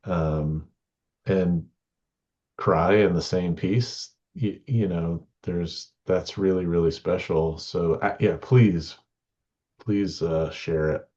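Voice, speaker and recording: A male podcast host talking in a halting, casual way, with many fillers and restarts. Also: deep voice, warm tone. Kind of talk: casual interview chat. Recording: dull lo-fi sound.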